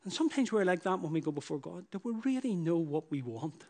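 A man preaching with a fairly high voice, driving his points home in repeated, swelling phrases. His delivery shifts between hushed, slowed lines and loud bursts. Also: big pitch swings. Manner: emphatic, repetitive preaching with rising bursts. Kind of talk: sermon.

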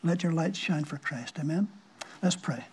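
A man's voice: on the high side, moderate pace, a little hiss or hum. A middle-aged male pastor, telling stories in a sermon and acting out the voices of people in them, sometimes dropping to a whisper. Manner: storytelling, acts out quoted voices, drops to a whisper at times.

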